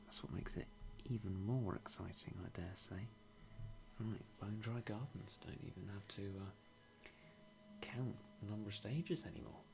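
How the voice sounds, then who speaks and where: Hushed British man with a gravelly voice. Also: lowish voice, a little slow, over music. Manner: hushed, half-whispered, dry and self-mocking. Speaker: game streamer. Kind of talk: quiet live-stream game commentary.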